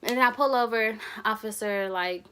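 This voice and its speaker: Young woman doing a storytime vlog, animated, laughs a lot, acts out the voices. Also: fairly high pitch, normal speed, slight background noise. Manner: animated and laughing, acting out dialogue. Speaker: vlogger.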